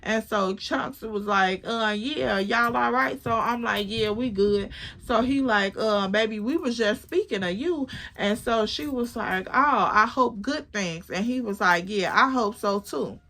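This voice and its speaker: Young woman storyteller, bright slightly high voice, animated, acts out dialogue. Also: measured pace. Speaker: storytime vlogger. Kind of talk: casual storytelling.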